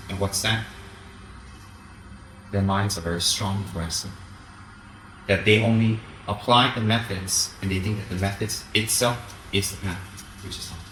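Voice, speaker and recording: A man giving an animated Dharma talk as a Buddhist teacher, often mocking the voices of his critics. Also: lowish voice, reverberant, slight background noise, poor audio.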